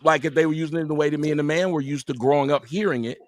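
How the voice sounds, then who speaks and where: High-pitched, emphatic arguing man. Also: steady tone, racing. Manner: emphatic and argumentative, rising to shouts. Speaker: panelist. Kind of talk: heated live-stream debate.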